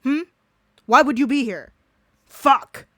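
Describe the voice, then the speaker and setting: A woman's voice: high-pitched, slow, a bit bright, no room sound. Woman, angry swearing rant, reaction commentary, dry close mic. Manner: angry, ranting, heavy swearing.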